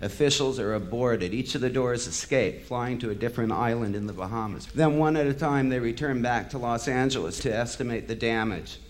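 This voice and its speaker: A man's voice: medium pitch, fairly quick, few pauses. A man giving an impassioned spoken-word monologue, bitter and sardonic, swearing freely and building to angry outbursts. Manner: heated, swelling to angry outbursts.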